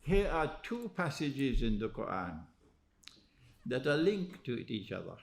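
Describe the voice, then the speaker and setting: A man giving an animated religious lecture as an Islamic lecturer. He poses rhetorical questions and prods his listeners with "huh?". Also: mid-range voice, a little slow, creaky.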